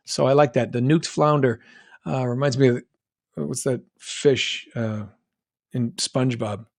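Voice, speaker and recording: A man's voice: medium pitch, steady tone, measured pace, creaky. A middle-aged man from New England chatting casually on a live stream, reading fan comments and rambling with frequent restarts. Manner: rambling, self-interrupting, reads fan comments aloud. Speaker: voice actor answering fan questions on a live stream.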